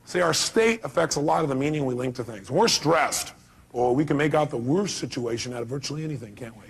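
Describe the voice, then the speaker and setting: A man's voice: mid-range voice, animated, fast, breathy edge. A man giving a motivational seminar talk, emphatic and throwing rhetorical questions at the audience. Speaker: motivational speaker.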